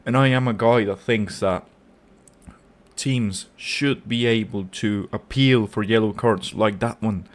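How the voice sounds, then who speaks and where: A man's voice: lowish voice, unhurried. A man hosting a football fan channel, giving a live match reaction and ranting angrily with lots of swearing and repeated words. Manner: angry, swearing rant.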